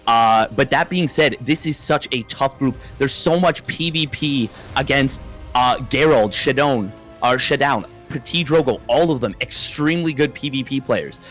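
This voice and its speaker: A man co-casting an esports match, easygoing and analytical, in a mid-pitched voice. Faint music plays quietly behind him. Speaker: esports co-caster. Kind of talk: color commentary.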